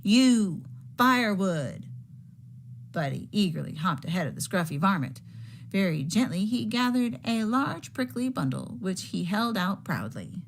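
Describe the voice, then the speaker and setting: A woman teacher reading a picture book aloud to children in a slow, expressive storytelling manner. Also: mid-range voice, vocal fry.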